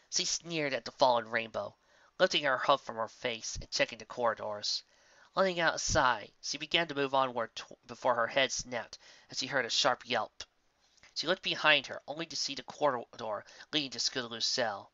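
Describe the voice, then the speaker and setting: A woman narrating a storybook tale in a steady, plain reading voice, in a slightly muffled lo-fi recording. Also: very deep voice, normal speed, no echo. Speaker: fan fiction reader.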